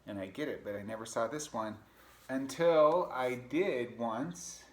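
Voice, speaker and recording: A man reading a picture book aloud to children, relaxed and chatty, pausing to talk about the pictures. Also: medium pitch. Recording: echoey room.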